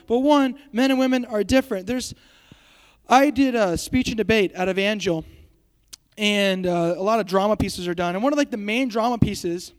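A man's voice: sits high, clear, resonant tone. A young man in his twenties giving a youth sermon in a casual, joking, self-deprecating way. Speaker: youth speaker. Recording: hall reverb.

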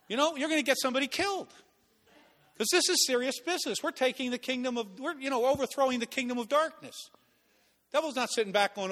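A man preaching a sermon, telling stories in an animated way and acting out voices. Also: very high voice, fast, long reverb tail. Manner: animated, acts out voices and laughs at own stories. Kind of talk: sermon with storytelling.

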